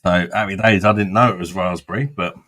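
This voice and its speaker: A man's voice: low voice, a little fast, bright, forceful tone. A man hosting a casual beer review, blunt and sweary, and he laughs often. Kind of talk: casual chat.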